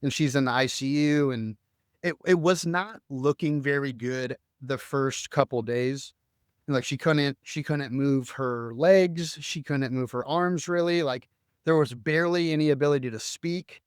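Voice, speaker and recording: Chatty man telling a story, smooth voice. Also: mid-range voice, unhurried, no room sound, studio quality. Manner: animated, filler-heavy storytelling, acts out quoted dialogue. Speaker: podcast co-host. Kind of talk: casual storytelling chat.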